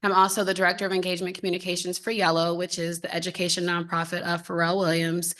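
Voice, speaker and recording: A woman's voice: fairly low pitch, level tone, quick pace, a bit bright. A woman in her thirties speaking on a panel in an open, heartfelt, conversational way. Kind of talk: candid panel talk. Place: symposium panel.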